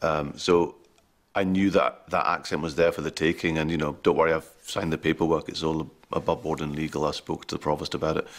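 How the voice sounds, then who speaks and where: A man's voice: extremely low pitch, flat delivery, a little fast. A man telling anecdotes in a documentary interview.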